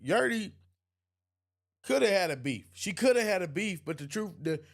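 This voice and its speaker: A man's voice: high voice, animated, normal speed, gravelly. A man hosting an opinion livestream, reading chat comments aloud and answering them emphatically, often repeating himself and laughing. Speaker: host.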